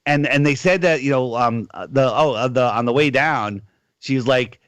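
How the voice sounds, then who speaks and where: A man's voice: medium pitch, normal speed, dry recording. A middle-aged man on a casual call-in radio show, telling a rambling story and acting out the lines of the people in it.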